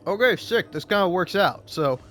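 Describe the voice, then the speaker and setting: A man's voice: high voice, lively intonation, normal speed, a bit bright, slight background noise. A man giving casual gaming commentary as a let's play host, rambling, swearing and talking back to the game.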